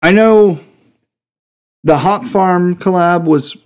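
A man's voice: high voice, slow. A man co-hosting a podcast in casual chat, enthusiastic and swearing freely. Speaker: podcast co-host.

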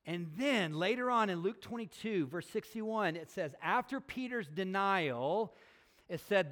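A man's voice: high-pitched, lively intonation, measured pace, fairly bright tone. A man preaching a sermon, reading scripture aloud and then building to emphatic intensity. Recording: long reverb of a large hall.

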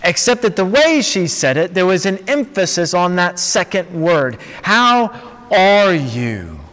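A man preaching a sermon, telling a story slowly and dramatically with long pauses. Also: high-pitched, animated, fairly bright tone. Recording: long reverb of a large hall.

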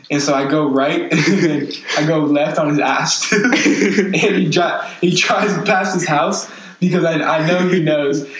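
A man's voice: a little high, a bit bright. A young man telling a long story in casual, slangy talk, swearing a lot. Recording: echoey room, mic at a distance, faint noise.

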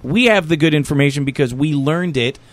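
A man's voice: a little high, a little fast. A man co-hosting a podcast, talking casually with frequent swearing and laughter. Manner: profane, animated, laughs often. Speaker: podcast co-host. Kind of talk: casual banter.

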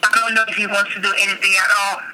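A man's voice: high-pitched, little pitch movement, very fast, a loud crowd, poor audio. A man answering the phone as a restaurant manager, polite, deferential and apologetic. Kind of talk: phone customer service.

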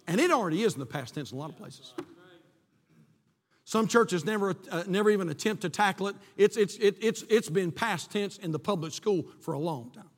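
A man's voice: high voice, lively intonation, fairly quick, in a large hall. A male pastor preaching a sermon to his congregation, reading scripture aloud and building to passionate peaks. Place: church sanctuary.

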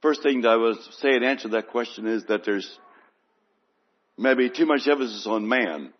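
A man preaching a sermon in an earnest, unhurried way, piling up emphatic lists. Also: medium pitch. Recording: muffled, long church reverb.

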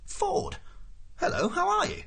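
A man's voice: sing-song, moderate pace, husky. A man voicing a flustered, put-upon young man who is exasperated and sarcastic, in an audiobook reading. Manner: exasperated, sarcastic, high-strung. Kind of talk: audiobook character voice.

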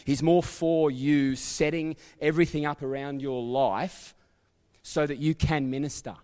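A man's voice: a little high, steady tone, measured pace, darkish tone, clean tone, in a large hall. A man with an Australian accent preaching a sermon as a church pastor, telling stories in a chatty way full of asides and self-corrections. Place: church sanctuary.

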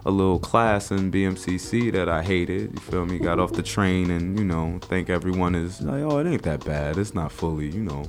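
Brief: low-voiced New guy, animated podcast storyteller, faint music behind. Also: normal speed, hardly any pauses. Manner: animated, slangy, acts out quotes. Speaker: recurring guest host telling a story. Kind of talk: casual storytelling.

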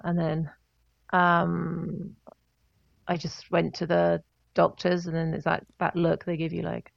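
Chatty woman with a gravelly edge. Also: fairly low pitch, normal speed, no room sound, muffled recording. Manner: chatty, animated, breaks into voices and laughter. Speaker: guest, singer and vocal coach. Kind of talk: casual interview storytelling.

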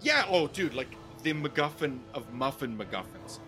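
A middle-aged man, co-hosting a casual gaming podcast and ranting in an animated, profane way into a podcast mic. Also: mid-range voice, normal speed, over music. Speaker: podcast co-host.

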